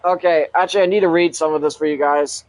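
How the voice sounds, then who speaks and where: Brief: high-pitched man reading a story aloud at home, casual asides, self-corrections, dry close mic. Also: fairly even intonation, fast talker, dry recording, poor audio. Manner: chuckles often, stops to correct himself.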